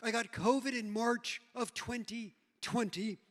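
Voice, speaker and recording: Man, author on stage, strained post-covid voice, high-pitched, wry and self-mocking, long hall reverb. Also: fairly even intonation, unhurried, a bit bright. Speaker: author speaking at a book festival. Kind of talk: humorous talk to an audience. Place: large event hall on stage.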